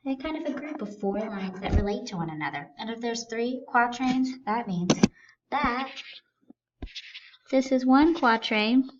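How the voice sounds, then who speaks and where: Woman teacher, slow and patient step-by-step explaining, dull lo-fi sound. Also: a little high, expressive, noisy background. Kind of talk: recorded lesson explaining sonnet structure.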